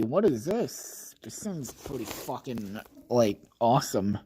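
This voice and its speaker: A man's voice: mid-range voice, expressive, slow, hardly any pauses, mellow, breathy edge. A young man around twenty hosting a livestream podcast, chatting casually about creepypastas in a rambling, profane, joking way.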